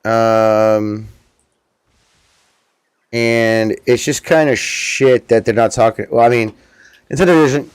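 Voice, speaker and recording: A man's voice: medium pitch, fairly even intonation, takes it slowly, pauses often, smooth, no echo. A man hosting a stream, talking in a rambling, offhand way and swearing casually. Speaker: streamer host. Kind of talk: casual gameplay commentary.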